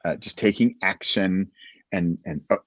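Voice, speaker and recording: A man's voice: low voice, measured pace, no echo, highs cut off. A man who is a guest on a podcast, talking casually and animatedly about writing, often laughing and acting out little conversations.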